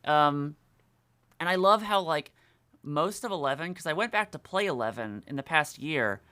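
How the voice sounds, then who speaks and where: Bright, animated podcast guest. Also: medium pitch, smooth. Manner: animated, lots of fillers and restarts. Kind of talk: casual podcast chat about games.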